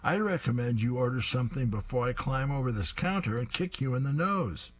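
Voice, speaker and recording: A man's voice: medium pitch, lively intonation, fairly quick, pitched above the performer's own voice, lightly acted. A man voicing a rude male rat working a coffee counter, snappy and threatening.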